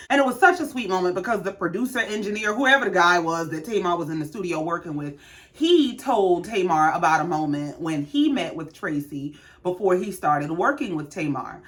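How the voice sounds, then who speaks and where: A woman's voice: medium pitch, fairly bright tone. A woman hosting a reality TV recap in a sassy, casual commentary style and talking back to the people on the show.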